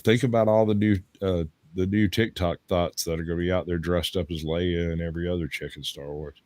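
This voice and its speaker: Southern us guy, real low voice, dry sound, talks on and on. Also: steady tone, a little fast, darkish tone, no echo. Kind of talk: casual chat.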